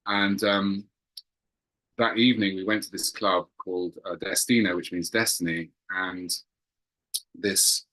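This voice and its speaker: His voice sits low, pushed and bright, with fairly even intonation and a slightly slow pace, and the recording quality is poor. Appearing as a guest, the man sincerely recounts a spiritual experience, often groping for the right words and circling back over the same phrases.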